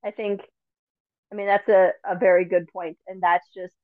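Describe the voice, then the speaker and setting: A woman's voice: mid-range voice, level tone, normal speed, dry recording. A woman hosting a podcast, talking in an earnest, reflective way with plenty of casual fillers. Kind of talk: casual conversation. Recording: tinny phone-like line, dry.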